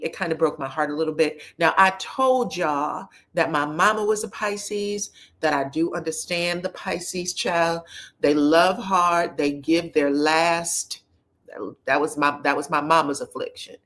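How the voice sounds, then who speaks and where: A woman's voice: on the low side, measured pace. Chatty woman hosting a live review. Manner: chatty, animated, laughs often. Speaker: reality TV review host. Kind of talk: casual live-stream chat.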